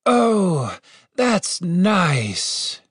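A man voicing a crude, impatient wounded guard who shouts and moans in strained tones. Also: very animated, very slow, breathy edge, dry recording, studio quality, heavily acted. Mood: pained. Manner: shrill, strained shouting and moaning.

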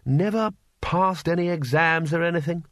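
A man's voice: normal speed, a bit bright, no echo, studio quality, lightly acted. A man voicing a blustering, commanding elderly wizard head in an audiobook reading. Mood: brusque. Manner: booming, brusque, commanding. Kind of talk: audiobook character voice.

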